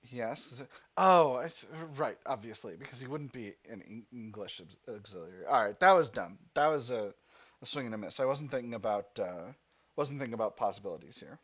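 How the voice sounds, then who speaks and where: A man at a middle pitch reads a game's story passages aloud, his voice rising and falling a lot. Between passages he thinks out loud, trailing off and restarting as he weighs his options. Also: lively intonation, fairly quick. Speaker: gaming channel host. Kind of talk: let's play commentary, reading game text aloud.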